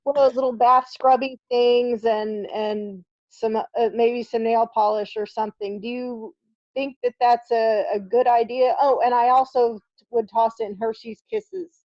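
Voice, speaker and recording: A woman's voice: fairly high pitch, fairly even intonation, a little slow, darkish tone, dry recording. Hesitant woman on a dull call line. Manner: hesitant, thinking aloud with fillers. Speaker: new consultant. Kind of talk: casual call chat.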